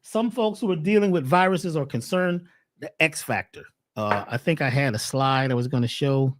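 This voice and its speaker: A man presenting herbal health advice in a casual livestream talk, preachy and animated, throwing out rhetorical questions. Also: a little high, moderate pace.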